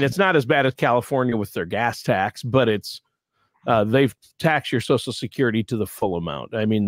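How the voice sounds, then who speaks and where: A man's voice: on the low side, dry recording, studio quality. A middle-aged man from Minnesota co-hosting a podcast, bantering in a wry, joking way. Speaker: podcast co-host. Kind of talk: casual podcast chat.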